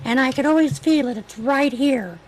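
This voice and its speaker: A woman's voice: high voice, normal speed, darkish tone, rough recording. A woman hosting a livestream in casual chat, with a weak voice that is hard to project, telling a story in a chatty, rambling way. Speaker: livestream host.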